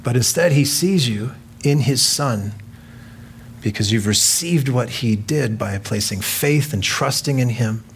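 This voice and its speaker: A man's voice: mid-range voice, a little slow, slight background noise. A man pastor preaching a sermon in a casual, joking way, acting out quoted voices and laughing at himself.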